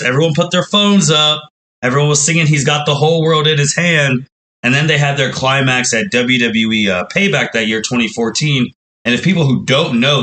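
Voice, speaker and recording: A man's voice: mid-range voice, bright, forceful tone, low-quality recording. A man hosting a wrestling podcast, recapping in a casual, storytelling way and acting out the fans' reactions as quotes.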